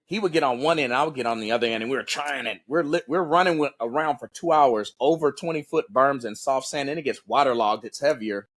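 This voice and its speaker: A man, a former Navy SEAL guest on a podcast, telling stories in a casual, animated and profane way. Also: mid-range voice, fast, hardly any pauses. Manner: animated, profane, acts out voices in his stories. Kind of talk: casual storytelling in an interview.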